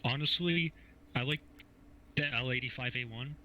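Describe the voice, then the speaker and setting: A man's voice: mid-range voice, moderate pace, muffled recording. A man joining a podcast as a guest, bantering in an easygoing, joking way. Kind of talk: casual podcast chat.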